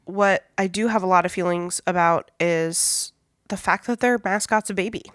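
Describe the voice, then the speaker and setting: Bright-voiced woman podcast co-host. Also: lowish voice, fairly even intonation, normal speed, no room sound, studio quality. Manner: chatty, rambling with restarts and frequent swearing. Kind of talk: casual chat.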